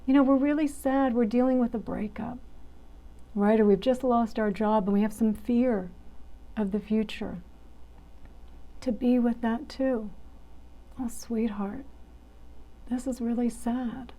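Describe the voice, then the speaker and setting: A woman teaching a meditation class with a mellow, somewhat high voice. She talks conversationally, tagging her points with "right?". At times she drops into gentle, near-whispered asides. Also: steady tone, unhurried, pauses often. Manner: conversational, frequent "right?" tags, soft soothing whispered asides.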